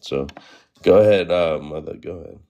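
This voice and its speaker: A man from Eritrea runs a live panel debate in a very low voice. He calls on each speaker, sets time limits, and keeps asking "right?" as he makes his points. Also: normal speed, dark tone, muffled recording. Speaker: panel host.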